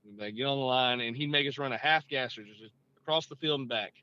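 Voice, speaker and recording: A man, a football coach speaking as a guest in a relaxed interview, full of "you know" and lively when he tells stories. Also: medium pitch, quick pace, no room sound, lo-fi sound. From Georgia, US. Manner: relaxed, leans on "you know", gets animated telling stories. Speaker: high school head football coach, guest. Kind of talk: casual interview storytelling.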